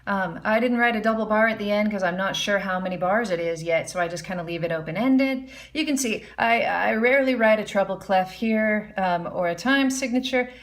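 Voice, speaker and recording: A woman's voice: mid-range voice, brisk, few pauses. A woman teaching a casual music lesson at the piano, explaining notation and singing melody lines on "da". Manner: hums and scats melody lines while explaining.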